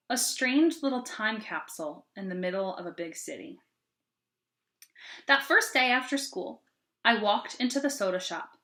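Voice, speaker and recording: A woman reads a novel aloud for a sixth-grade class, telling it in an expressive, casual way. Her voice is bright and clear. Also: medium pitch.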